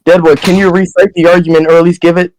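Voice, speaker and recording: Fast, higher-voiced male moderator. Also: level tone, darkish tone, slight background noise, rough recording. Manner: eager, repetitive, keeps telling others to chill. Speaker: debate moderator. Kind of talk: Discord voice-chat debate. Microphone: online voice chat.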